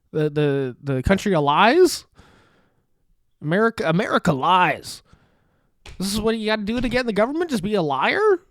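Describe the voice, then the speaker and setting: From a foldable table in his studio apartment, a young man hosts a podcast of casual, sarcastic ranting, cursing, laughing often and letting thoughts trail off. He has a high-pitched voice, with no echo in the recording.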